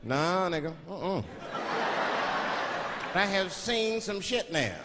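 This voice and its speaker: A man from Washington, D.C., doing animated, profane stand-up comedy on a large theater stage and switching between voices. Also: sits high, slow, heavy background noise. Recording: echoey hall, loud crowd laughter.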